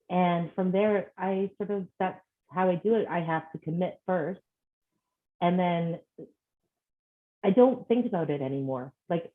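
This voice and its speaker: A woman from Scotland, a guest author, talking in an earnest, reflective way in a casual interview. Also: on the low side. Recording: tinny phone-like line.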